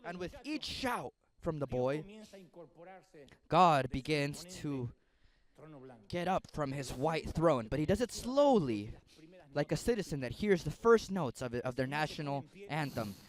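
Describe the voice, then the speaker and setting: A man, a pastor, retelling a Bible story in a dramatic, emotive sermon. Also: on the high side.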